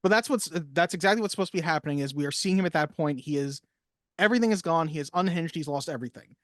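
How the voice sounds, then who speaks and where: A man co-hosting a casual film podcast, talking at length and acting out movie lines with lively emphasis. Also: a little high, racing, no room sound, clean studio sound. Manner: animated, acts out movie lines. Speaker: podcast co-host.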